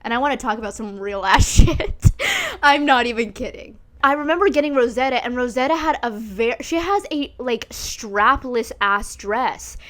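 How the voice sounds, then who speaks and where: A woman's voice: a little high, normal speed, fairly bright tone. Giggly young woman, candid chat. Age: 20s. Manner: candid and giggly, swears freely. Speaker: podcast host. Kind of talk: casual chat.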